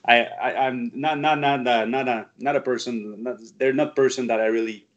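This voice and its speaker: Quebec French-accented man, middle pitch, halting and blunt, muffled lo-fi audio. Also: steady tone. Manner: halting, many restarts, frank and profane. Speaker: guest, karate teacher. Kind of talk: casual interview chat.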